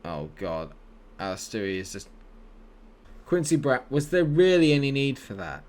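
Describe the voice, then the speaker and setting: A man calls the action of his football management game with a mid-range voice, cracking jokes as he goes. He slides from quiet, grumbling asides to loud bursts of excitement when chances come. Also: normal speed, a little hiss or hum. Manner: jokey, swings from low muttering to excited shouts. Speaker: gaming YouTuber.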